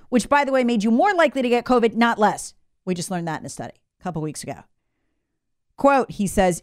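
Female talk radio host, mocking and indignant, very animated delivery. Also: medium pitch, quick pace, clear, resonant tone. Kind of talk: opinionated talk radio monologue.

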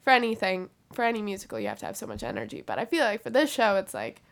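A woman's voice: medium pitch, wildly swooping pitch, racing, creaky. A young woman, a guest actress, chatting casually and agreeably, laughing often. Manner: agreeable, laughs often, many short replies. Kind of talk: casual chat.

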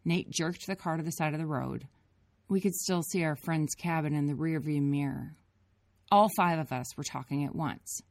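A woman's voice: sits low, moderate pace, a little mellow, no room sound. A mother reading her own memoir aloud in an earnest, reflective storytelling manner. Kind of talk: memoir audiobook narration.

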